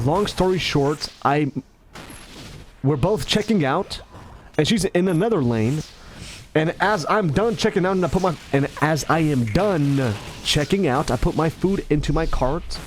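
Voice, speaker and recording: This is a man talking in a loose, rambling monologue, his voice sitting high. He stumbles, restarts and corrects himself constantly, and his pitch leaps around with lively energy. Faint background noise runs beneath him. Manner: restless, self-correcting, stumbling over words; acts out greetings in shifting tones.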